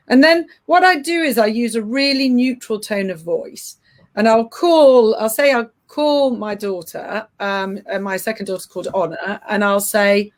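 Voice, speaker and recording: A woman's voice: on the high side, a little slow. A middle-aged woman coaching parents, explaining earnestly with frequent restarts. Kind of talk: advice-giving podcast chat.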